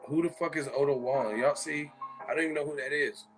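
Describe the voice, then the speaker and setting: A man's voice: fairly high pitch, quick pace, music in the background. A man hosting a live-stream chat, rambling and profane as he riffs on viewer comments. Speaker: host.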